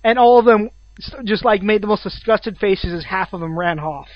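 A man's voice: high-pitched, moderate pace, no echo. A young man in casual chat, telling crude stories and laughing often. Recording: dull lo-fi sound, dry.

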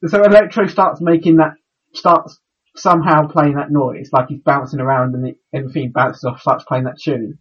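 A man co-hosting a casual podcast, talking in halting bursts and stumbling over his words. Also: fairly high pitch, fairly even intonation, breathy edge, dull audio. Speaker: podcast co-host.

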